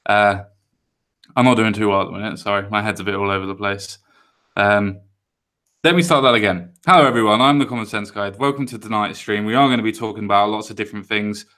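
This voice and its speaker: A man's voice: on the low side, fast talker, sharp tone. A man hosting a casual live stream, chatting loosely with restarts and apologies. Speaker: livestream host. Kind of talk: casual podcast chat.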